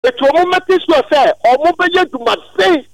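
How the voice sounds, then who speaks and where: A man calling in to a sports radio show, talking at length in an animated, rambling way. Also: extremely high pitch, fairly quick, crowd noise, poor audio. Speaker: caller. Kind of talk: call-in sports radio chat.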